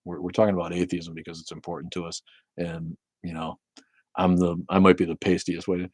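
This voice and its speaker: A man's voice: low-pitched, monotone, a little fast, a little mellow, dry recording, clean studio sound. A man in his fifties hosting a casual livestream rant, profane and rambling with many restarts. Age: 50s. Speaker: livestream host. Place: home in Maine.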